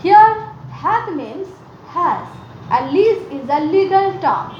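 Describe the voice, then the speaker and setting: A woman teaching, explaining a sonnet's rhyme and meter line by line in a slow, careful way. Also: very high-pitched, big pitch swings, reverberant, muffled recording, a little hiss or hum.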